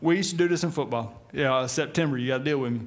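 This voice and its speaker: A middle-aged man preaching a sermon as pastor, telling the story with lively put-on voices and chuckles. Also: mid-range voice, fast. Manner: animated storytelling, acts out voices with laughs.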